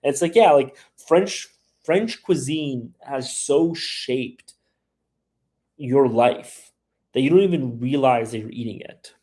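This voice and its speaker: Slow-paced and warm, his medium-pitched voice carries a casual livestream where he reads and answers viewer questions about travel. He rambles, leans hard on "like" and "you know what I mean," and imitates people he quotes.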